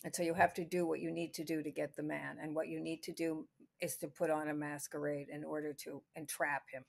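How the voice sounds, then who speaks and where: A woman's voice: low-pitched, level tone, a little fast, vocal fry. A woman co-hosting a podcast, talking through a classic film in a casual, thinking-aloud way with many restarts. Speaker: podcast co-host.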